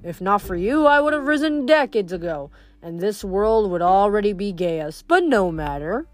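A woman's voice: mid-range voice, lively intonation, moderate pace, no echo, close to an everyday voice. A woman reading aloud, voicing a huge, boastful male giant villain in a storybook. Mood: gloating. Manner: gloating, grandiose.

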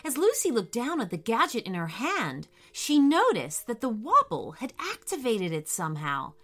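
A woman reading a children's story aloud in an expressive, unhurried way. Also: a little high.

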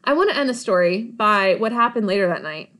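A woman's voice: mid-range voice, expressive, brisk, a bit bright. A woman co-hosting a podcast, telling a personal story in an emphatic, dramatic way with frequent asides and laughs. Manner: laughs while talking. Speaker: podcast co-host.

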